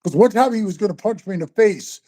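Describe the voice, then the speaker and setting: A man's voice: high voice, animated, fast, warm tone. An older man telling stories in a casual interview, rambling and profane, often calling the listener bro. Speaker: interview guest, former biker club member.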